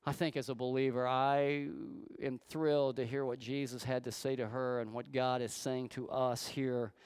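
A man preaching a sermon to his church, emphatic and slowing on key words. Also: medium pitch, level tone, darkish tone, smooth, no echo, studio quality. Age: adult, grew up in church. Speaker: pastor.

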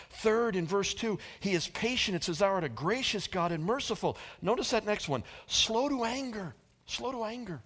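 Pastor preaching in a big reverberant hall. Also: male voice, high voice. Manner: preaching with dramatic pauses, dropping to a hushed whisper for emotional quotes. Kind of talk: sermon. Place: church auditorium. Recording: long reverb of a large auditorium.

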